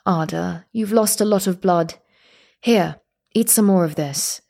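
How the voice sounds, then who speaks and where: A woman voicing a caring young husband in a storybook reading, speaking softly and soothingly. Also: lowish voice, a little slow, gravelly. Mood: tender. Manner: soft and hushed, comforting.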